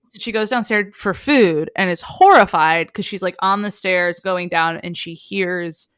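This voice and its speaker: A woman's voice: lowish voice, measured pace, smooth, no room sound, studio quality. A woman co-hosting a podcast in casual chat, retelling a romance novel's plot and acting out the characters' lines. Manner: animated storytelling, acting out character quotes. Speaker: podcast co-host.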